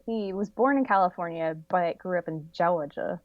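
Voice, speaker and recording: A woman's voice: on the low side, moderate pace, dry recording. A woman guesting on a podcast, chatting animatedly with frequent laughs and hedging fillers. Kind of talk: casual chat. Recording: slightly dull lo-fi audio.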